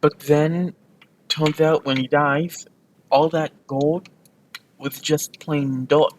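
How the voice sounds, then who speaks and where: A man's voice: on the high side, fairly even intonation, slow pace, slight background noise, rough recording. A man recording a let's play, rambling casually with lots of fillers and restarts as he talks over his gameplay.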